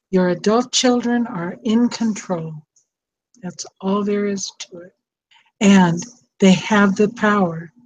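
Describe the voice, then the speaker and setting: A woman's voice: medium pitch, darkish tone, slight background noise. An older woman telling a personal story about being a grandmother, in an earnest, heartfelt way, over a call microphone with an echo. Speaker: speaker on estranged parents. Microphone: online call microphone with echo.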